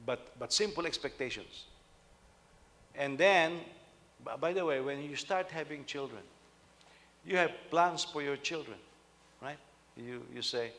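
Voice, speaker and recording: A man's voice: a little high, measured pace, pauses often, fairly bright tone, long reverb tail. A man, a senior pastor, preaching a conversational sermon and often putting rhetorical questions to his listeners.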